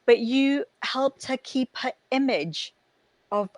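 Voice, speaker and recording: A woman's voice: high voice, lively intonation, slow, dry recording, low-quality recording. A woman guest who coaches parents, explaining her ideas in a thoughtful, casual interview.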